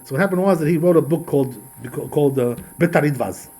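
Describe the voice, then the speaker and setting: A man's voice: fairly high pitch, fast, warm tone, slightly rough. A man, a rabbi giving a Torah lesson in an emphatic style full of rhetorical questions and repeated phrases. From Georgia.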